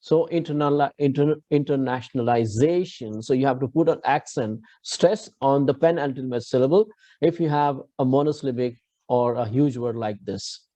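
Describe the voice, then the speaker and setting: Mellow-voiced Indian English teacher. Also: male voice, medium pitch, no room sound. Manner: explanatory, patient, asks students to repeat. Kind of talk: classroom lecture.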